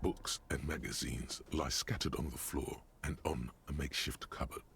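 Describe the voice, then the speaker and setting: A man voicing a game's narrator, deep and gravelly, with slow, measured, dramatic delivery. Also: steady tone, slight background noise, full character voice. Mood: ominous. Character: gravel-voiced male game narrator, the inner voice. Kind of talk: scripted game narration. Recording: game audio with loud music.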